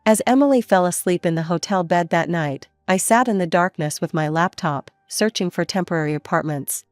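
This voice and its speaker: A woman narrating a first-person family story in a steady, plain way. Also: lowish voice, brisk, no echo, clean studio sound, faint music behind.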